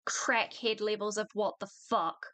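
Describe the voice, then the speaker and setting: A woman's voice: mid-range voice, fairly even intonation, unhurried, a bit bright, no echo. A woman hosting a casual livestream reaction chat, crude and teasing, laughing often as she talks over a video. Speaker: streamer host.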